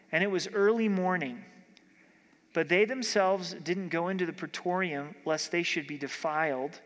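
A male pastor preaches a sermon in a chatty, conversational way and acts out bits of dialogue with everyday examples. His voice sits fairly high, and a long reverb trails it through a church hall. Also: fairly bright tone. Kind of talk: expository sermon.

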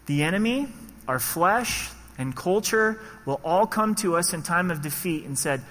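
A man's voice: fairly high pitch, expressive, moderate pace, fairly bright tone, big-room sound. A man preaching a sermon in a conversational way, acting out the voices he quotes. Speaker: pastor.

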